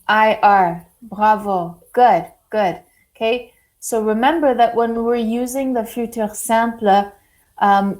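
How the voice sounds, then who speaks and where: A woman teaching a French lesson to a class, slow and deliberate, praising students often. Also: on the high side, a little mellow, poor audio.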